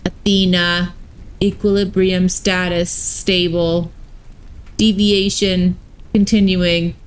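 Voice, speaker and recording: A woman putting on cold machine-like cosmic judges, flat, clipped, deliberate. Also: fairly low pitch, slight background noise, low-quality recording. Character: cold robotic cosmic wardens, emotionless and judging.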